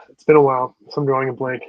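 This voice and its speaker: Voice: medium pitch, no echo. A co-host on a live stream, chatting in a laid-back, hesitant way and searching for words. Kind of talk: casual chat. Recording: dry, dull lo-fi stream audio.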